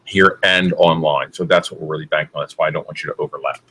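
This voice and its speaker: A man running a video shoot, giving brisk, directive setup instructions to the people on camera. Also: rumbling low, steady tone, pushed and bright, husky.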